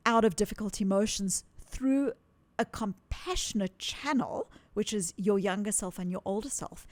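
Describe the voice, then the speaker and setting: A woman talks earnestly through a psychological idea, animated and often doubling back on words for emphasis. Her pitch sits in a middle range. The sound is dry and close, with no room around it. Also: no room sound. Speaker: psychologist guest. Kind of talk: interview, explaining ideas.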